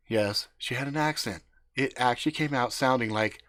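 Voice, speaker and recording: A man's voice: mid-range voice, fairly even intonation, brisk, fairly bright tone, no echo. A man improvising a crude story on a live stream, swearing freely, laughing and acting out the characters' lines.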